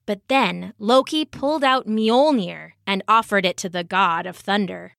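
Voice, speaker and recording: A woman narrating a mythology story as scripted storybook reading, expressive and measured. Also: medium pitch, vocal fry, no echo, clean studio sound.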